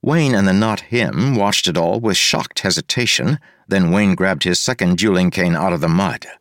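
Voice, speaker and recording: A man giving scripted audiobook narration, reading fight scenes briskly. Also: deep voice, a bit bright, dry recording, clean studio sound.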